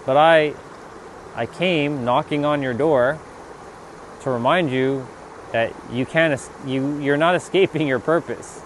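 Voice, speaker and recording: Man, slightly high voice, casual spiritual vlog rant, swears freely, faint outdoor noise. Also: measured pace. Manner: animated, swears, talks to God in mock dialogue. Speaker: spiritual vlogger.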